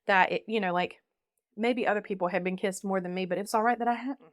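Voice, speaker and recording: A woman's voice: mid-range voice, quick pace, no room sound, studio quality. A young woman from North Carolina, a podcast guest telling her life story and acting out the people in it. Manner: animated, laughing often, acting out quoted voices. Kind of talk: casual storytelling.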